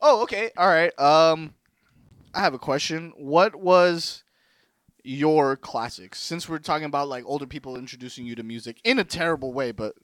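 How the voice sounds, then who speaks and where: A man's voice: on the high side, normal speed, a bit bright, smooth, no room sound, studio quality. A young man co-hosting a podcast in casual chat, laid-back, swearing a lot and saying "bro" often. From Mexican-American family. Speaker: podcast co-host.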